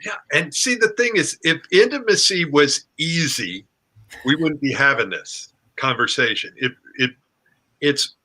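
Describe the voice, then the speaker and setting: A middle-aged man speaks as a relationship coach in loose conversation. His voice is very bright and forceful. He talks playfully and animatedly, often acting out his reactions. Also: a little high, lively intonation, a little slow. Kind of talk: casual conversation.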